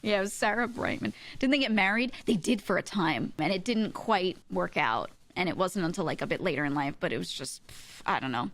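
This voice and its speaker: A woman streamer in casual chat, animated and giggly, often breaking into exclamations and laughter. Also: on the low side, fairly quick.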